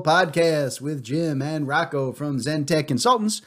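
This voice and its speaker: A middle-aged man hosting a podcast in casual chat, loud and joking with his co-host. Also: a little high, a little slow, hardly any pauses, faint music behind.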